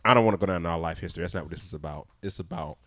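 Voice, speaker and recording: A man's voice: low-pitched, rapid-fire, dry recording. A young man co-hosting a podcast, telling a story in a blunt, direct way and acting out both sides of the conversation. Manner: animated, acts out both sides of conversations in quoted voices. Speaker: podcast co-host. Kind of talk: casual storytelling chat.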